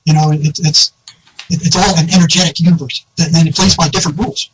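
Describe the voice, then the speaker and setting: A man telling an animated anecdote in a casual conversation, often quoting others and laughing. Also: fairly high pitch, fast talker, slight background noise, rough recording.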